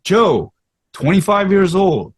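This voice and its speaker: A man's voice: sits high, takes it slowly, breathy edge. A man in his fifties, a podcast guest and actor from Canada, telling candid stories about his career and acting out voices and inner thoughts as he goes. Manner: animated, acts out quotes and inner thoughts. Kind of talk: candid conversational storytelling.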